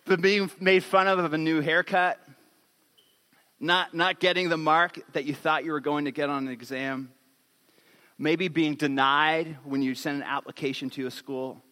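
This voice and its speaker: A man in his thirties preaching a sermon on stage, telling a family story with lively acted-out quotes. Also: on the high side, moderate pace, in a large hall. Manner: animated storytelling, acts out quotes. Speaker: pastor.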